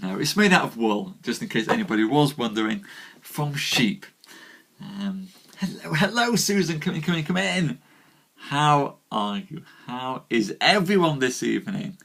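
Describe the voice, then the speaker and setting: A man's voice: a little high, expressive, moderate pace, gravelly, a bit bright. A man hosting a live storytelling stream, chatting casually with viewers, a little tired, and greeting them by name with self-deprecating humor. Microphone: webcam or desk mic on a live stream.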